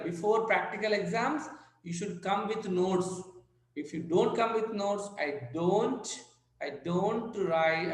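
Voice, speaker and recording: A man's voice: sits high, roomy sound, rough recording. A man with an Indian English accent, a native Telugu speaker, teaching an online physics class over a video call, repeating points and checking in with his students. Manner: repetitive, addresses students directly. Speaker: physics lecturer.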